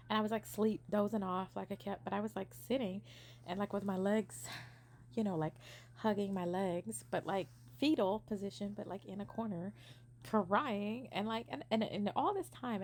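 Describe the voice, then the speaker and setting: Young woman, casual storyteller, mid-range voice, lively and chatty, fills with "like" often. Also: medium pitch, a little hiss or hum. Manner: animated, acts out the quotes, many "like" fillers.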